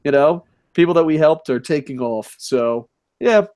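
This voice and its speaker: A young man with a fairly high voice rambles through casual wrestling chat. He swears constantly and gets more excited the longer he talks. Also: moderate pace. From United States. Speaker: podcast co-host.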